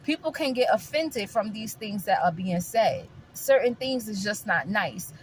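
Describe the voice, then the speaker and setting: A woman's voice: medium pitch, expressive, measured pace, slight background noise. A woman from New York with a New York accent, talking to her viewers in an opinionated casual chat, emphatic and repetitive, calling them guys. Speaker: vlogger.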